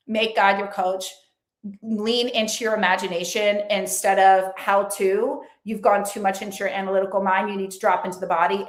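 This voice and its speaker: Woman vlogger, earnest and chatty, talking to camera in an echoey room. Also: medium pitch. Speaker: lifestyle and faith vlogger. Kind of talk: casual motivational talk to camera.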